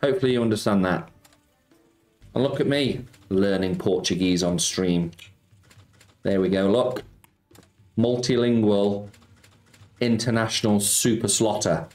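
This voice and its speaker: A man with a fairly low, darkish voice talks at a measured pace, leaving long pauses, while hosting a casual slots stream. Chatty by nature, he reads viewers' messages out and answers them, often calling people "mate." Music plays behind a roomy echo.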